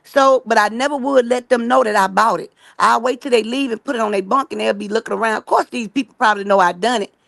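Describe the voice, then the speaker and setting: A woman giving a rambling, earnest religious testimony, talking fast and emphatic and keeping listeners in with "right?" and "y'all". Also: a little high, gravelly, a bit bright, no room sound. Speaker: guest telling her story.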